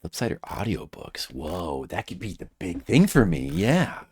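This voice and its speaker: A man's voice: deep voice, sing-song, measured pace, a little mellow, husky. A man streaming a video game, chatting casually and making goofy jokes to his viewers. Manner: goofy, jokey, laughs often. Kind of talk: casual joking commentary over gameplay.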